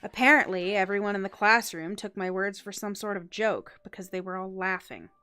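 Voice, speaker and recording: A woman narrates a first-person story aloud in an expressive, dramatic way. Her voice sits at a middling pitch, and she breaks into quick laughing asides. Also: clear, resonant tone. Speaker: streamer reading a story aloud.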